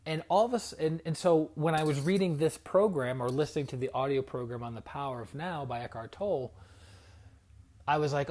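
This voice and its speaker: A man's voice: on the high side, fairly quick, darkish tone. A man and spiritual coach telling a casual, rambling story about his meditation practice, reflective, with frequent fillers and asides.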